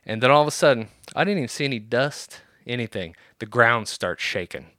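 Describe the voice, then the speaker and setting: A man telling a story on a podcast in a casual, animated and profane way. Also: mid-range voice, a little fast, no echo, clean studio sound.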